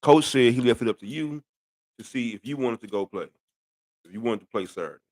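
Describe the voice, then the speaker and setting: A man's voice: mid-range voice, fairly quick, darkish tone, no room sound. A middle-aged man ranting bluntly about football in a rambling, casual way, full of rhetorical questions. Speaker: sports commentator. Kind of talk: casual sports rant.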